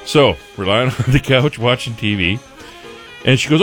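A man hosting a morning radio show, telling a wry personal story in a casual, animated way. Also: medium pitch, normal speed, soft background music.

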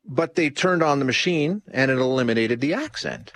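A man's voice: mid-range voice, animated, moderate pace, a bit bright, no room sound. A man hosting a call-in talk radio show, rambling with many restarts and fillers. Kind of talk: casual talk radio commentary.

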